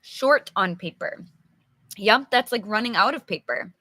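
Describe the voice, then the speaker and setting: With a mid-range, expressive voice, a woman teaches English from a storybook at a measured pace, her tone bright and forceful with no room sound. She's chatty and encouraging during this live lesson, answering viewers by name and acting out examples with sighs and groans. Her voice sounds a little worn, as if she's slightly losing it.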